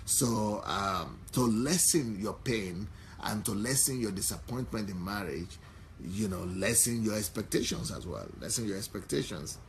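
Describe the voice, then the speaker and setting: A man's voice: fairly low pitch, lively intonation, a little slow, vocal fry, slight background noise. A man giving marriage advice to wives in an earnest, instructive talk, often repeating and rephrasing his points between fillers.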